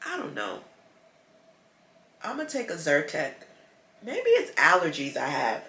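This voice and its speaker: A woman's voice: deep voice, huge pitch swings, unhurried, a bit bright, reverberant. A woman sick with a stuffy nose, chatting casually to her viewers from bed in a rambling, frustrated way. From United States. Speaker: vlogger. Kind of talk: casual vlog chat. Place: bedroom, lying in bed.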